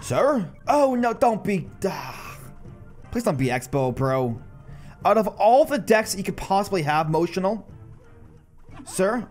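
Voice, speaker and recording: Goofy animated man in his thirties. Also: a little slow, soft background music. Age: 30s. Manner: goofy, self-mocking, drops into silly low voices. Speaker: gaming YouTuber. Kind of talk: live gameplay commentary.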